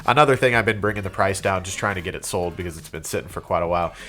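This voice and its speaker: The man talks very fast in a low, slightly bright voice, congested from a cold. A young reseller vlogger, he rambles casually through a show-and-tell about what he resold, using plenty of fillers and restarts.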